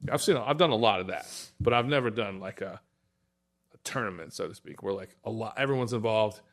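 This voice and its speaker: Male host, laid-back and profane, spins anecdotes in a relaxed chat. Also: on the low side, brisk. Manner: profane storyteller, acts out quotes. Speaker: podcast host. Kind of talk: casual chat.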